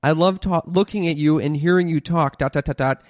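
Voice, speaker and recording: A man's voice: on the high side, brisk. A man co-hosting a podcast in casual chat, swearing freely and sounding indignant as he reads messages aloud. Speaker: podcast co-host.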